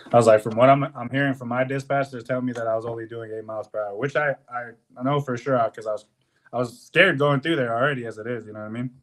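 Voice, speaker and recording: A young man on a podcast, casually telling a work story with heavy swearing and laughter. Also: medium pitch. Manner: animated, swears a lot, laughs through the story. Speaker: podcast co-host.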